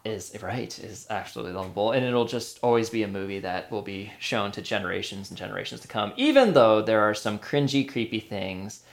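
A man's voice: lowish voice, animated, brisk, vocal fry, few pauses. A man hosting a casual movie podcast, quizzing his guest in a playful, chatty way. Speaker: podcast host.

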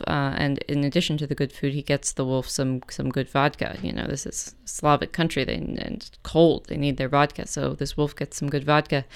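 A woman hosting a music program, casually retelling a folk tale between pieces in a chatty, relaxed way. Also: low-pitched, clean tone. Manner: chatty, relaxed, with fillers and self-corrections.

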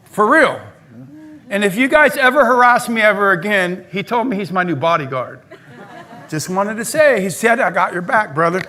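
A male pastor preaching a lively sermon in a church, talking straight to the congregation. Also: high voice, moderate pace. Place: church sanctuary.

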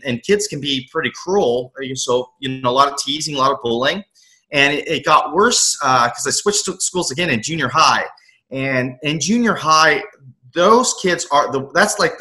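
Male interview guest, earnest storyteller, slightly high with a forceful, bright tone. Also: poor audio. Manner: earnest storyteller who acts out his younger self. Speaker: guest, aspiring motivational coach.

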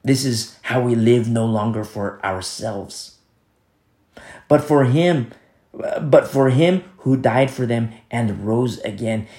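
A man preaching a sermon as pastor, earnest and repetitive, often dropping to a soft hush. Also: mid-range voice, slow, roomy sound.

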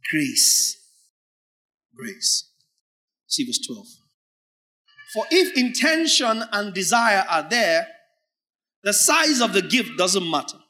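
A man's voice: high voice, big pitch swings, slow pace, long pauses, bright, forceful tone. A man preaching a sermon, teasing his listeners with rhetorical questions.

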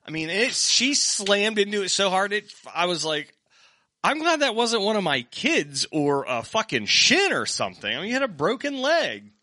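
A man co-hosting a podcast, telling profane stories in casual chat with animated quoted asides. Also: high-pitched, moderate pace, dry recording, studio quality. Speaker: podcast co-host.

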